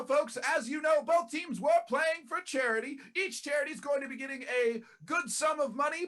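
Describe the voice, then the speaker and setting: A loud, high-pitched male sports announcer hollers the closing play of a fantasy ball game, as a game master puts him on. He shouts his lines in an excited announcer's cadence, pitched well above a normal speaking voice. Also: full character voice.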